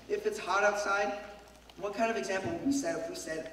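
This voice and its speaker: A man's voice: high voice, brisk, fairly bright tone, slight background noise. A man who is losing his voice, giving a devotional talk to a group of young people, telling a story and asking the crowd questions. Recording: echoey hall, speaker far from mic.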